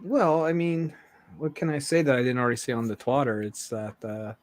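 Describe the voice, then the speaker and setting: A man's voice: medium pitch, fairly even intonation, brisk, no room sound. Easygoing male co-host on a stream call, casual talker, swears freely. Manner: laid-back, swears casually. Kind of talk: casual livestream chat.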